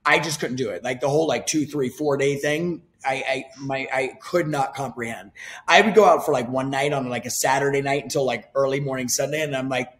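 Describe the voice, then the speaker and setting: A man's voice: medium pitch, a little fast, fairly bright tone. Candid, swearing man in his forties. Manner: candid and emphatic, swears freely. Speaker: interview guest. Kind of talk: casual conversation.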